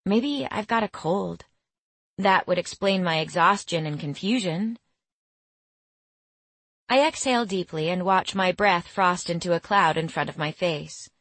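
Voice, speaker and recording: A young woman reads a first-person story with measured, quietly bemused delivery. Her pace is very slow and her pitch sits a little low. The recording is dry and close, like a studio booth. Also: no room sound. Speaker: audiobook narrator. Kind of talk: first-person scripted narration.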